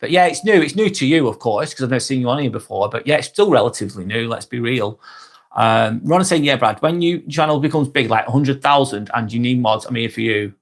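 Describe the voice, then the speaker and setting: Casting note: young British male streamer, mid-pitched voice, easygoing and chatty as he reads out comments, with lots of ums and short laughs. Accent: British English. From England. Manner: relaxed and chatty, with frequent ums and quick laughs. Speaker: live-stream host. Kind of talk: casual live-stream chat, reading comments aloud.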